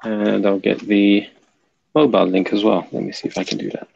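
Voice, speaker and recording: A man's voice: fairly low pitch, fairly even intonation, brisk, creaky, a little mellow, breathy edge. A man hosting a casual livestream, chatting and muttering to himself as he reads comments and sets up links. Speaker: livestream host. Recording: dull lo-fi dry sound.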